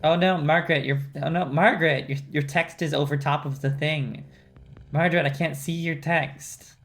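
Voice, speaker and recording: Man with a gravelly voice, casual streaming. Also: a little high, fairly even intonation, moderate pace, fairly bright tone, soft background music. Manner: casual, amused, swears freely. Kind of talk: live game commentary.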